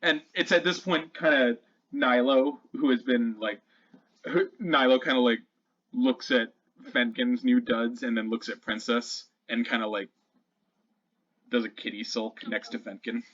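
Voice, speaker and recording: A man's voice: mid-range voice, steady tone, measured pace, fairly bright tone. A man running a tabletop game as dungeon master, narrating loosely with lots of fillers. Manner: loose, chatty, many fillers. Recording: slightly dull lo-fi sound.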